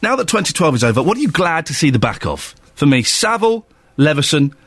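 A man's voice: a little high, sing-song, quick pace, fairly bright tone, dry recording. A man in his thirties with a London accent, presenting a casual morning radio show with wry, self-mocking chat. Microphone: studio microphone.

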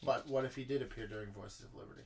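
A man's voice: mid-range voice, racing, crowd noise. A man co-hosting a podcast in casual chat, playful and jokey as he talks. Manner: playful, jokey, animated storytelling. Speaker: podcast co-host.

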